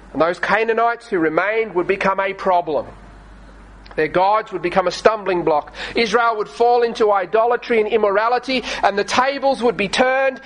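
A man preaching a sermon, reading scripture aloud and slowing down to stress key phrases in an earnest, pleading way. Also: sits high, a bit bright, poor audio. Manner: reads scripture in archaic wording, slows for emphasis.

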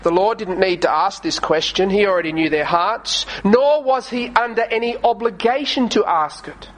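A man preaching a sermon, reading scripture aloud and slowing down to stress key phrases in an earnest, pleading way. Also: high-pitched, a bit bright, low-quality recording. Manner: reads scripture in archaic wording, slows for emphasis.

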